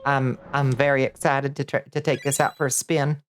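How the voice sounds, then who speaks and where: A woman's voice: rumbling low, level tone, normal speed, faint music behind. Chatty, easygoing woman streaming a game. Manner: chatty and easygoing, laughs often, thanks viewers. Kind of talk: casual gameplay streaming, chatting with viewers.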